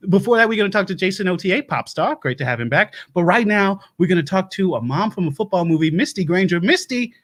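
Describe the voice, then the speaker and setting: A man's voice: sits high, expressive, quick pace, hardly any pauses, fairly bright tone. A man as a rambling doomsday-prep host. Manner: rambling, slipping into sudden mock antagonism. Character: eccentric male doomsday prep lecturer living underground. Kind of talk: improvised comedy talk show.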